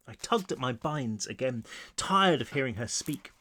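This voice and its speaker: Man reading his novel expressively. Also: moderate pace. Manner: expressive reading with wide pitch swings, asides to listeners. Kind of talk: first-person book reading. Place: home. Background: child screaming downstairs.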